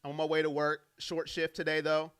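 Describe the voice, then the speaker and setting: A man hosting a live fan stream, calling the plays and reading out chat messages and donations in an animated way. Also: on the high side, a little fast, smooth. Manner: animated, loud, reacts to plays and reads donations. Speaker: fan livestream host doing play-by-play.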